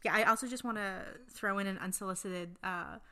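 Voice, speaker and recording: A young woman co-hosting a casual podcast in a relaxed, chatty way, moving the show from one segment to the next. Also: medium pitch, a little fast. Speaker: podcast co-host.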